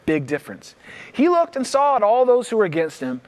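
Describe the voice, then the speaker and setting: A male pastor preaching a livestreamed sermon with no congregation present, acting out worried reactions and repeating key lines slowly for emphasis. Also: sits high, wildly swooping pitch, a little mellow. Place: church, livestreamed without congregation.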